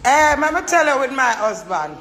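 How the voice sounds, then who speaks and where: A Jamaican woman chatting loudly with fans and showing off merchandise, exclaiming and swearing in patois. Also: sits high, very animated, moderate pace, roomy sound, a little hiss or hum. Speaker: dancehall personality showing off merchandise. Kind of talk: casual chat with fans at an event.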